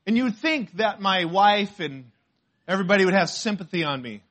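A man, a pastor, preaching a sermon and telling a story from his own life in an animated way. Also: high-pitched, a little fast. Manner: animated storytelling, shouts when acting out pain.

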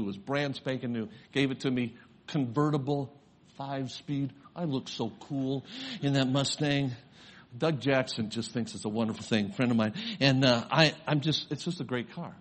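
An older man, a grandfather and pastor, preaching a sermon, telling a personal story and rising to fervent preaching. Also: medium pitch.

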